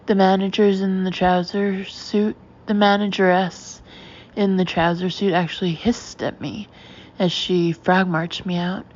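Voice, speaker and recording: A woman narrating a first-person audiobook in a wry, lively storytelling manner. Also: medium pitch, unhurried, lo-fi sound.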